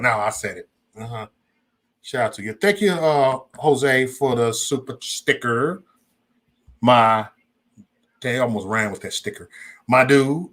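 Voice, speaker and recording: Animated, profane man hosting a livestream. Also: medium pitch, normal speed. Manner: profane, loose and rambling, talks straight to chat. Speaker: livestream host. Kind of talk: casual livestream chat.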